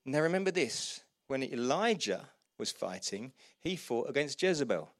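A man preaching a sermon, retelling Bible stories with humour and animated quoted voices. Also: mid-range voice, moderate pace, dry recording, studio quality. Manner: lively storytelling, voices quotes, laughs at own jokes.

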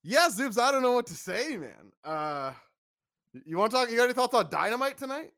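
High, lively-voiced man hosting a podcast. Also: a little fast. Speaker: podcast host. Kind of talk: casual chat.

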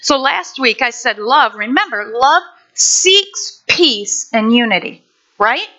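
A woman preaching an animated sermon, full of acted-out scenes and exclamations. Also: a little high, slow, dull audio.

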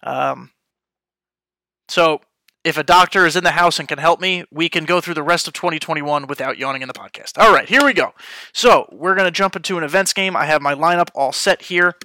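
A man's voice: a little high, brisk, bright, forceful tone, dry recording. A young man hosting a podcast, chatting off the cuff with lots of fillers. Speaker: podcast host. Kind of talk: casual podcast chat. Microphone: headphones and studio mic.

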